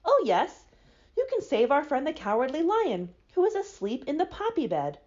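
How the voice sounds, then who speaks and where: A woman voicing a cheerful male scarecrow stuffed with straw, eager and quick to speak, in a storybook reading. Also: high-pitched, wildly swooping pitch, mellow, highs cut off, pitched above the performer's own voice.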